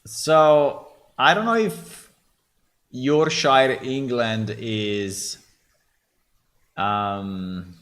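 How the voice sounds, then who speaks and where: A man's voice: medium pitch, drawn-out words, long pauses, fairly bright tone. A man, a game developer, thinking aloud in a casual dev vlog, hesitant with many restarts.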